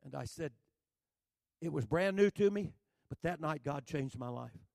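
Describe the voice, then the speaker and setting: An older man from Texas with a Texan accent, telling a folksy, joking sermon story that builds to shouting. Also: a little high, animated, a little slow, vocal fry, dry recording, clean studio sound. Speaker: preacher.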